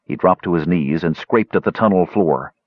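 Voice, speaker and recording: Deep husky male audiobook narrator. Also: normal speed, no room sound. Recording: dull lo-fi, dry.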